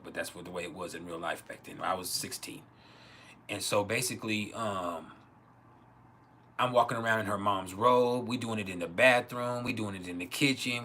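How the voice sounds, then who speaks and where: Host telling raw stories on a live stream, slightly low and bright, faint room noise. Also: male voice. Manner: crude, laughing often, acts out quoted voices. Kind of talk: casual storytelling. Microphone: home livestream mic.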